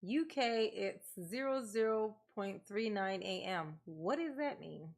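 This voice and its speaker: A woman's voice: mid-range voice, lively intonation, a little slow. A woman hosting a livestream, greeting viewers by name in casual, playful chat and laughing often. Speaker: livestream host.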